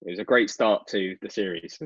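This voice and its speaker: Low-voiced British man, animated storyteller. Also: normal speed, breathy edge, no echo. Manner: animated, lots of "like" fillers. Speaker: guest magician. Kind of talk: casual storytelling chat. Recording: dull dry lo-fi sound.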